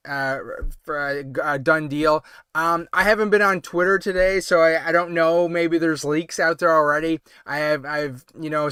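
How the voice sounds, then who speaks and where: A man's voice: fairly high pitch, sharp tone, clean tone, no room sound, studio quality. A man hosting a late-night toy-collecting livestream, chatting casually and rambling with lots of hedges and fillers. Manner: rambling, hedging with many ums and I means. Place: home, late-night stream.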